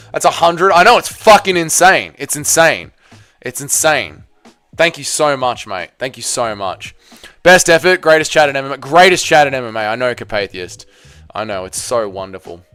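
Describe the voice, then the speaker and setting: Male streamer, smooth clear voice, dry close mic with faint music under it. Banters with chat, swears freely. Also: medium pitch, fairly bright tone, dry recording. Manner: swears a lot, laughs often, reads chat aloud. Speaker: live stream host. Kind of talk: casual live stream chat.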